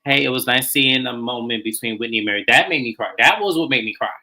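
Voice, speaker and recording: Male host for a live recap stream, bright tone, conversational, drops in slang and greets viewers. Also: medium pitch, fast, rough recording. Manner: chatty, greets viewers by name, colloquial. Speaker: reality show recap host.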